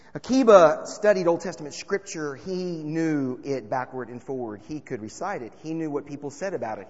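Animated male preacher in echoing hall. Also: a little high, lo-fi sound. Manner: animated, swings between loud and hushed. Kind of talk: sermon with storytelling.

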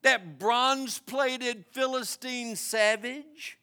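A man's voice: very high voice, takes it slowly, pushed and bright, clear, resonant tone, voice pushed up, full character voice. A preacher voicing a defiant young shepherd boy who speaks in earnest, emphatic declarations.

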